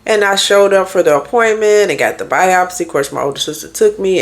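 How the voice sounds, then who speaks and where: A woman's voice: on the low side, a little fast. A woman therapist and life coach talking candidly in a casual podcast monologue, firing off rhetorical questions to her listeners.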